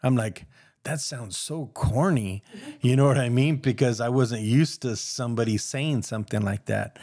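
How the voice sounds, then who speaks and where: A man's voice: medium pitch, fairly even intonation, moderate pace, darkish tone, no room sound, clean studio sound. A man sharing his personal testimony in a casual, earnest, rambling way, acting out the voices of people he quotes.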